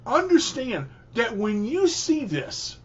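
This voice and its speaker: Emphatic, lively-pitched man host. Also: takes it slowly, lo-fi sound. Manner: emphatic, preacher-like, repeats himself. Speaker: radio show host. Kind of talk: motivational talk.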